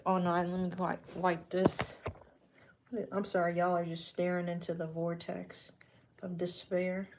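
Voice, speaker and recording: A woman's voice: lowish voice, completely flat delivery, measured pace, a little hiss or hum. A woman hosting a casual livestream chat from a dim room at home, talking frankly in a rambling way and swearing casually. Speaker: livestream host.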